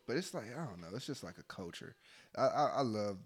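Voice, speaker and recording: A young man in casual chat, laid-back and slangy, often trailing off into a quiet mumble. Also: lowish voice, sing-song, fast talker, slightly rough.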